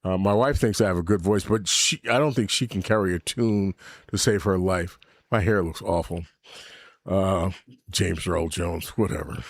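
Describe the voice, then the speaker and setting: A middle-aged man hosts his own podcast as a casual livestream chat, rambling candidly, swearing freely and answering his live chat along the way. His voice is on the low side with a moderate pace, and there's no room sound. He's recorded on a desk mic with a camera.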